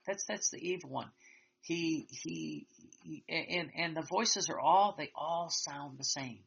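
A man giving an earnest, reflective spiritual talk, slow and halting with many restarts. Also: fairly high pitch, vocal fry, fairly bright tone, slightly rough. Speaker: religious teacher. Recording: dull lo-fi sound.

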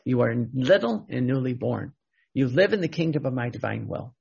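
A man's voice: mid-range voice, sing-song, moderate pace, creaky, a little mellow, slightly rough. A man preaching a sermon, repeating questions and restarting phrases as he teaches. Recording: dull lo-fi recording.

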